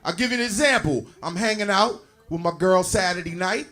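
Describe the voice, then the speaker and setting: A man in his forties doing a loud, punchy stand-up routine, acting out voices for his aches. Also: sits high, brisk, soft background music. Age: 40s. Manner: loud, punchy, acts out body parts talking. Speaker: stand-up comedian.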